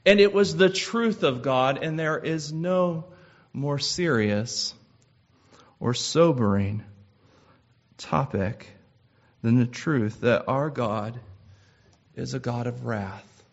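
A man preaching a sermon in a measured, earnest way, with frequent "uh" restarts. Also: medium pitch. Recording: slightly dull lo-fi sound.

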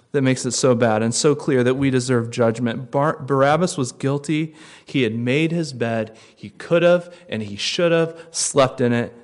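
A man preaching a sermon as pastor, emphatic, driving his points home with repeated phrases. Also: medium pitch.

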